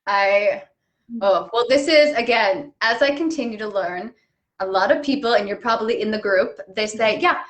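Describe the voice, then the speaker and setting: A woman actor chatting casually on a live stream, telling animated stories and laughing at herself. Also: mid-range voice, normal speed. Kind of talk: casual chat. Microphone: webcam on a live stream.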